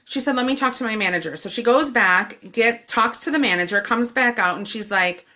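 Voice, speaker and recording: A woman telling a story in a casual, animated way, acting out both sides of the exchange. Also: on the high side, fairly quick, few pauses.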